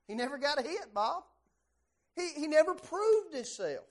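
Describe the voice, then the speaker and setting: A man leads a church Bible class in a high, lively voice. He is animated and keeps turning to the class with direct questions. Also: moderate pace.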